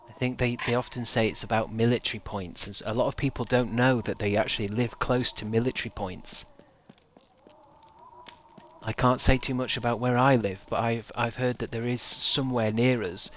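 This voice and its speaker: A man's voice: mid-range voice, steady tone, normal speed, a little hiss or hum. An English man chatting casually on a stream, rambling and joking while he reads out viewer messages. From England. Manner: rambling and jokey.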